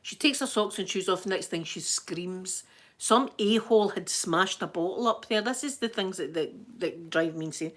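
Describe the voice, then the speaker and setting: A middle-aged Scottish woman chatting to her viewers, telling stories and acting out her own panicked screaming in sudden high bursts. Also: normal speed, fairly bright tone. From Scotland. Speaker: live-stream host. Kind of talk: casual storytelling chat to viewers.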